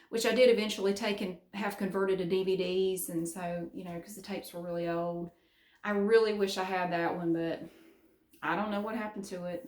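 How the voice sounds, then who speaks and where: A middle-aged woman from the American South with a Southern accent, chatting casually in a vlog and laughing often. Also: mid-range voice. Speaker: vlogger. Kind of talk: casual chat. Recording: roomy echo.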